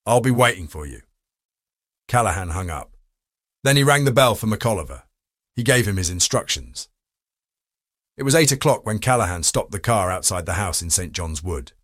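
Low steady male audiobook narrator. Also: moderate pace, dry recording, clean studio sound.

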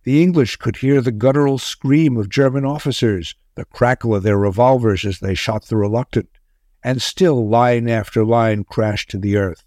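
A man narrating a wartime tale in a measured, grave storytelling manner. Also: mid-range voice, a little mellow, no echo, studio quality.

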